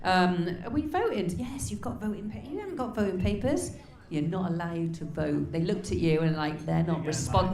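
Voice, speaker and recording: A woman in her forties works as MC at a live stand-up night, doing brash, profane crowd work with sudden loud high yelps into a stage mic. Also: animated, normal speed, hardly any pauses, echoey room. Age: 40s. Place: comedy club stage.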